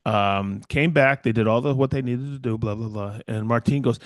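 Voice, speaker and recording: A middle-aged man co-hosting a podcast, spinning stories in an easy conversational way. He acts out the other people in his stories, jumping up in pitch for their lines. His voice sits mid-range and sounds dry and close to the mic. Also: brisk, few pauses, no echo. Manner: animated storyteller who acts out quoted dialogue. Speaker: podcast co-host, woodworker. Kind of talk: casual podcast chat.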